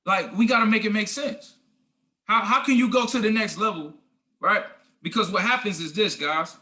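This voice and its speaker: On a group call, a man leading his team gives a motivational talk at a moderate pace in a high voice with a sharp tone. His delivery is emphatic and preachy, full of slang, and he addresses everyone as guys and family.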